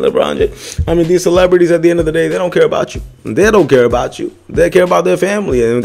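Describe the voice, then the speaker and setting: A man's voice: mid-range voice, vocal fry, a little mellow. A young man hosting his own show, talking in a loose, casual monologue full of street slang and filler asides. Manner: loose street slang, keeps tossing in "bro" and "son".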